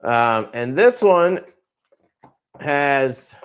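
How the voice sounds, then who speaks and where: A man's voice: mid-range voice, animated, drawn-out words, smooth. A man hosting a casual livestream from his knife company, showing products in a laid-back, rambling way with crude jokes.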